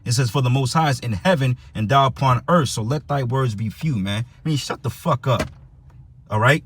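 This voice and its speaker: A man teaching for a religious camp, giving a heated, profane preaching rant that reads and explains scripture. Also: medium pitch.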